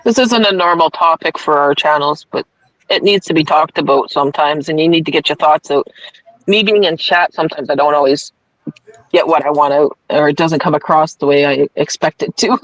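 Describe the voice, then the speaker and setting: A woman's voice: low-pitched, brisk, dry recording, rough recording. A woman hosting a casual livestream, reading viewer comments aloud and laughing often at herself. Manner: laughs often, self-mocking. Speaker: livestream host.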